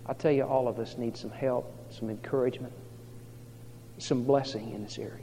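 A man preaching a sermon, telling a story dramatically as he swings from hushed to loud. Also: mid-range voice, steady tone, moderate pace, slight background noise. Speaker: pastor. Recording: reverberant hall, dull lo-fi sound.

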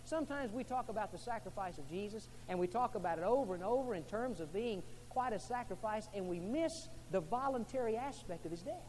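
High-voiced preacher in an echoing hall. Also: male voice, animated, a little fast, hardly any pauses, a little hiss or hum. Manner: swings from soft, low passages to loud, fervent preaching. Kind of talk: sermon.

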